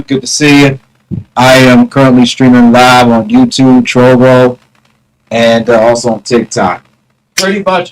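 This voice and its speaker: A livestreamer on his phone rambles casually to viewers, greeting chatters by name and stretching out mock-challenging taunts. His voice is medium-pitched, and the recording is rough.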